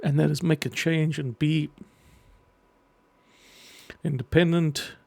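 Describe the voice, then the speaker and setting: A middle-aged man speaking earnestly and emotionally in a personal message to camera, pausing often as he talks. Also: fairly high pitch, steady tone, vocal fry, a little mellow, no room sound. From half Greek. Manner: earnest, halting, emotional, with pauses. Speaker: vlogger and children's book writer.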